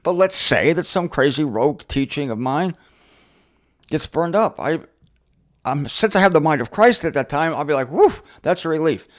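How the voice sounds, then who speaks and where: A middle-aged man teaching the Bible in an unscripted monologue, sarcastic and animated as he answers objectors directly. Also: a little high, normal speed. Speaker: Bible teacher and show host.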